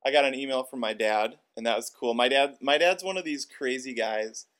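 A man with an Upper Midwest accent co-hosting a podcast, animated and laughing often as he talks. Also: mid-range voice, a little fast. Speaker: podcast co-host. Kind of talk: casual podcast chat.

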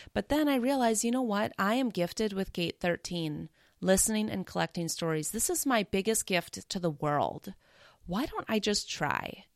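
A woman with a fairly low voice hosts a solo podcast and talks in a casual, confessional way. She builds momentum as she rattles off strings of promises. The sound is dry and close, with no room around it. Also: dry recording. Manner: animated and confessional, speeding up into rapid repeated promises. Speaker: podcast host.

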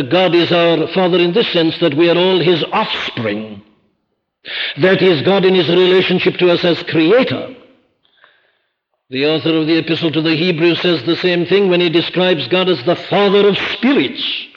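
A man preaching a sermon, emphatic and rhetorical, slowing down to stress key words. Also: sits high, long reverb tail. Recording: dull lo-fi archive recording.

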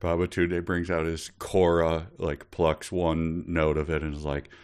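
A man co-hosting a comedy podcast, tossing off wry, deadpan asides about a book. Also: deep voice, unhurried, smooth. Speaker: podcast co-host. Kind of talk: casual comedic riffing on a book.

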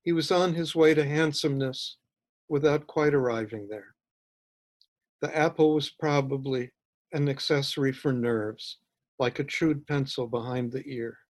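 A male author reading his own short story aloud in a measured, even way. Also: mid-range voice.

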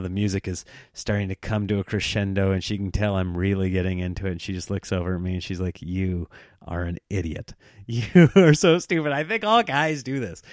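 A man's voice: medium pitch, clean tone, no room sound, studio quality. Self-mocking man telling funny stories. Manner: animated storytelling with self-mocking laughs. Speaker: stand-up comedian. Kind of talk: casual comedic monologue.

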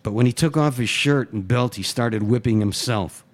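A man, a writer, reading his own first-person short story aloud in a steady, matter-of-fact way. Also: mid-range voice, moderate pace.

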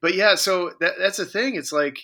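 Bright-voiced joking male co-host. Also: high voice, normal speed. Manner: joking, rambling with many fillers and restarts. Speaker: podcast co-host. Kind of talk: casual chat.

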